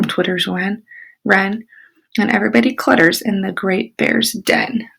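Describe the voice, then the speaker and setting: A woman teacher reading a picture book aloud to children, expressive, with whispered asides. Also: mid-range voice, moderate pace, gravelly, rough recording.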